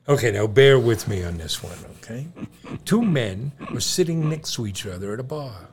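A man's voice: medium pitch, lively intonation, moderate pace, a little hiss or hum. A middle-aged man co-hosting a casual chat with his son, telling jokes and sharing good news in a playful, chuckling way. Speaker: co-host, father.

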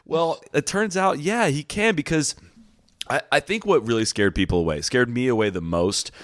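A man hosting a podcast in casual chat, talking in quick bursts and laughing often. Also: mid-range voice, fairly bright tone, dry recording, studio quality. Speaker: podcast host.

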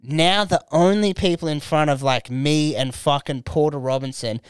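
A man's voice: fairly high pitch, moderate pace, clear, resonant tone, dry recording. An Australian man hosting a podcast, telling a long, rambling story in casual chat, swearing freely and acting out everyone's voices. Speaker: podcast host.

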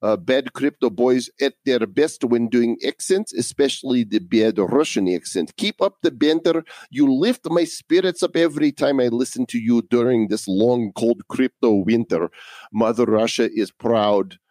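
A man hosts a podcast in easy, casual chat, mid-pitched and quick to crack jokes and laugh. His voice sounds close and dry, with no room around it. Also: a little mellow, no echo. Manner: jokey, laughs often. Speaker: podcast host.

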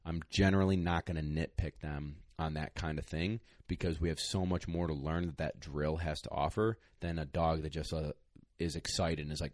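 A deep-voiced man talks through retriever training in casual podcast chat, blunt and emphatic in his advice. He sounds a little out of breath. His voice is recorded dry and close, with no room sound. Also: fairly even intonation, moderate pace, darkish tone, no room sound. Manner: blunt, plain-spoken, emphatic.

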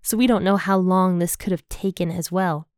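A woman hosting a Bible podcast, walking through verses in a relaxed, conversational way with everyday phrasing. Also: lowish voice, normal speed, no echo, studio quality. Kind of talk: casual Bible study teaching.

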